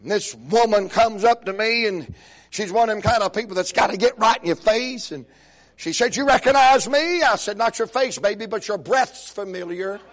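An older man preaching a humorous sermon, telling folksy stories and rising into shouted praise. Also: high-pitched, moderate pace. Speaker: pastor.

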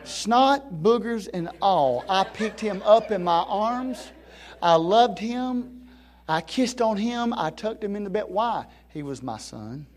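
Middle-aged male pastor, high-pitched, sermon delivery that rises to fervor and drops to a hush. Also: slow pace. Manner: rising to near-shouting peaks of preaching fervor, then dropping low and soft.

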